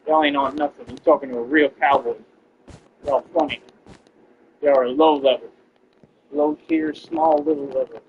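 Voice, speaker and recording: A man's voice: medium pitch, fairly even intonation, moderate pace, long pauses, background noise. Ranting man, lo-fi audio. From Texas. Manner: boastful, confrontational rant. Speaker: streamer. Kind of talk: ranting to viewers while gaming. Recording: dull lo-fi stream audio.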